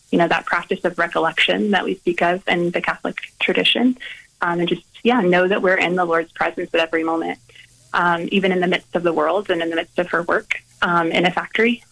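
A woman who is a Carmelite nun, telling a story in an interview in a gentle, earnest way with frequent pauses. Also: fairly low pitch, poor audio. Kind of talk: reflective storytelling in conversation.

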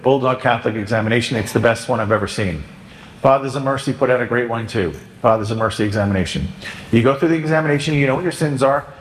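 A man, a priest, giving a conversational sermon with jokes, acting out confessions in a lively way. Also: medium pitch. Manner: conversational, joking, acts out penitents and himself. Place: church. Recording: echoey church with long reverb.

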